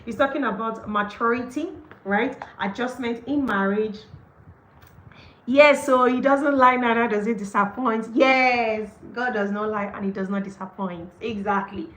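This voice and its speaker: A woman hosting a book study session. She reads from the book and comments on it in a gushing, excited way, laughing often and leaning on "like" and "okay". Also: a little high, a little slow. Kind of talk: livestreamed devotional book reading and commentary. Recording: echoey room.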